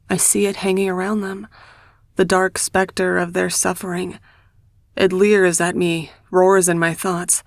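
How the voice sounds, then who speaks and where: A woman reading a first-person audiobook in a measured, intimate storytelling manner on a close studio mic. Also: on the low side, little pitch movement, creaky, no room sound. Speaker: audiobook narrator.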